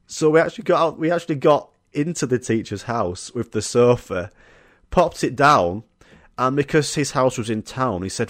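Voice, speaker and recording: Young Yorkshire man, solo podcast host, mid-pitched, dry close sound, chatty storyteller who laughs a lot. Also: lively intonation, normal speed, dry recording. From Yorkshire, England. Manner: laughs often, swears, acts out quotes.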